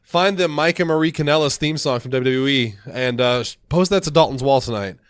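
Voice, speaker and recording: A man's voice: fairly high pitch, a little fast, dry recording, studio quality. Sick, nasal man joking around. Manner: joking, laughs through stories. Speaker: podcast host. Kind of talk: casual chat.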